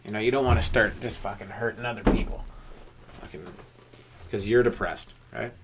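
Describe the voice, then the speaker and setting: A man hosting a solo comedy podcast, riffing in a rambling, profane rant that chases tangent after tangent and slips into quick voices of other people. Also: fairly low pitch, fairly even intonation, a little hiss or hum. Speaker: stand-up comedian and podcast host.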